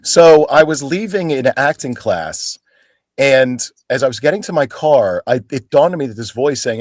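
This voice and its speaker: An actor in his forties from Pennsylvania, United States, tells stories as an interview guest in a medium-pitched voice at a moderate pace, recorded in studio quality with no room sound. He's animated and chatty, filling his speech with "like" and acting out the people he quotes.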